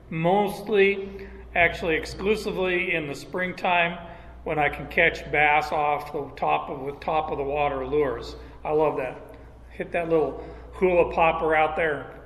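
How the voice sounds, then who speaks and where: A male pastor preaches in an unhurried, conversational way, dropping in folksy asides. His voice sits a bit high and rings bright, and a long reverb trails each phrase as if in a big church hall. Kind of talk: expository sermon.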